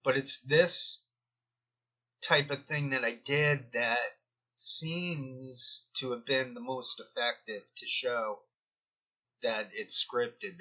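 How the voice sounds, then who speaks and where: Slow, bright-toned rambling man. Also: mid-range voice. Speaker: video commentator. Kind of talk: rambling screen-recording commentary. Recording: dull lo-fi recording.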